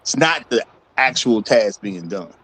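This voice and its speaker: A man's voice: lowish voice, lively intonation, a little slow, fairly bright tone, slightly rough, low-quality recording. A man hosting a live online debate show, firm and emphatic, repeating his key points. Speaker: show host. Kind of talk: live stream debate and super chat reading.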